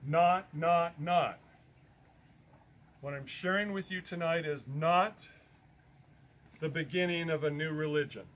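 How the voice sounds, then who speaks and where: A man with a slightly high voice talks to an audience in an earnest, emphatic way. He leans on key words and repeats them for stress. There is faint noise behind him. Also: moderate pace, a bit bright. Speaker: presenter. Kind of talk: talk to an audience.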